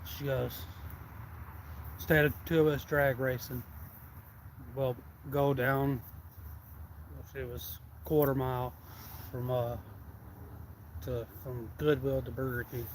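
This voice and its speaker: A man's voice: medium pitch, flat delivery, slow, long pauses, slight background noise, rough recording. A man hosting a live stream, telling a rambling, colloquial story and acting out the people he quotes. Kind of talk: casual storytelling.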